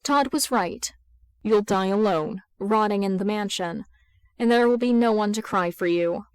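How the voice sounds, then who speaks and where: A woman's voice: mid-range voice, a little slow, clean tone, dry recording, natural voice. A woman voicing a bitter, contemptuous drugged young son in a fan audiobook reading. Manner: spitting, contemptuous.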